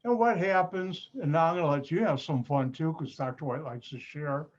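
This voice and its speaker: A man with a fairly high voice speaks at a normal pace. He's a chemistry professor teaching an online class with patience, repeating his points and tossing in playful asides. The sound comes through a computer mic on a video call, muffled and lo-fi.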